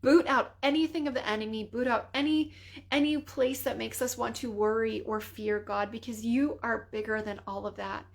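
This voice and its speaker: A woman leading a spontaneous spoken prayer in an earnest, conversational way, full of casual fillers and sometimes dropping to a soft near-whisper. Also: fairly high pitch, fairly even intonation, moderate pace. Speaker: prayer leader.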